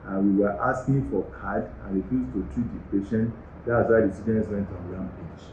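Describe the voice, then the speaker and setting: A man's voice: on the low side, mellow, slight background noise. A middle-aged man with a Nigerian accent, a university medical director giving earnest, emphatic interview answers in an office. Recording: roomy, slightly dull recording.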